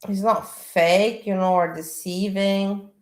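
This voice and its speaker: A woman with an American accent chats through her reactions in an easygoing way, with a voice of middling pitch. Her speech runs loosely, full of "you know" and "like". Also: fairly even intonation, slow. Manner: chatty, warm-hearted, lots of "you know" and "like". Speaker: vlogger reacting to a video. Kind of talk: casual reaction commentary.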